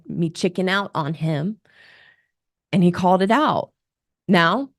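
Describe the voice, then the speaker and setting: A woman's voice: low-pitched, darkish tone, dry recording, studio quality. A woman marriage coach giving an earnest, instructive solo talk, often restarting her sentences. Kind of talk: solo advice monologue.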